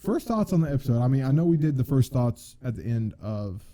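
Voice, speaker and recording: A man's voice: medium pitch, animated, brisk, mellow. A young man from the United States co-hosting a casual podcast, joking and laughing often. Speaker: podcast co-host. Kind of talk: casual chat.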